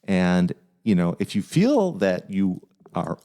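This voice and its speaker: A man's voice: low-pitched, big pitch swings, takes it slowly, vocal fry, warm tone. A man hosting an advice podcast, talking in a playful, earnest and uplifting way. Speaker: podcast host giving advice. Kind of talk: casual advice podcast chat.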